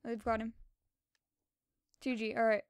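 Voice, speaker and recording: Excitable high-voiced woman gaming. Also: clear, resonant tone, dry recording. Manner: excitable, repeats words rapidly when tense. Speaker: gaming channel host. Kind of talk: casual gameplay commentary.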